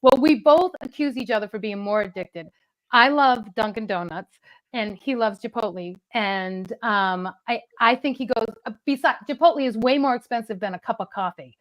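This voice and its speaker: Woman, middle-aged, comic co-host, chatty rambling stories, giggly, slightly high voice. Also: moderate pace, low-quality recording. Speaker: comedian co-host. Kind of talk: comic bickering chat.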